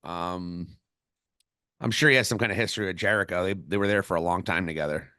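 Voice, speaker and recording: A man's voice: sits low, quick pace, pushed and bright, clear, resonant tone, no echo, clean studio sound. A man co-hosting a wrestling podcast, talking casually in an opinionated, rambling way with many restarts. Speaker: podcast co-host.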